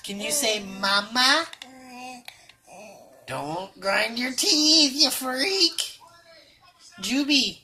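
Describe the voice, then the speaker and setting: A woman's voice: a little high, expressive, extremely slow, long pauses, noisy background. A woman, a parent filming her baby at home, talking to her in a playful, teasing, sing-song voice.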